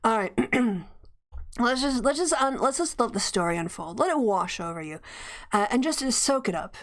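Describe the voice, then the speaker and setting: A woman's voice: on the high side, expressive, normal speed, a bit bright. A woman host in casual commentary, reading news aloud with gleeful, chatty asides. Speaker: livestream host.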